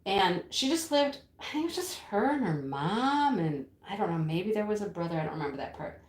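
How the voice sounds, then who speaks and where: A woman's voice: mid-range voice, very animated, fairly quick, echoey room. A woman in her sixties hosting a live stream, chatting casually and reminiscing with viewers, laughing often and breaking into bits of song. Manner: chatty, nostalgic, laughs often, sings snippets. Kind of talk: casual chat reading viewer comments.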